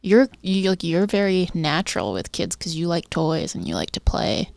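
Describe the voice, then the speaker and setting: A woman chatting casually on a podcast, soft-spoken and laughing often. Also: on the low side, very animated, moderate pace, vocal fry, no room sound, studio quality. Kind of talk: casual chat.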